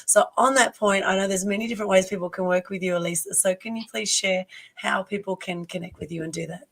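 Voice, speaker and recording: A woman's voice: mid-range voice, steady tone, fast, vocal fry. A woman hosting an interview, conversational and encouraging. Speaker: interview host. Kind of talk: interview chat.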